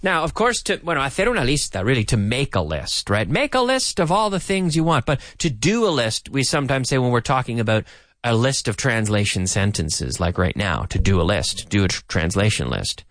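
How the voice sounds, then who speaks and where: Male radio English teacher, upbeat and expressive, drilling phrases slowly, dry studio mic. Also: medium pitch, dry recording. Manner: animated, repeats each sentence slowly for learners. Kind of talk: radio language lesson.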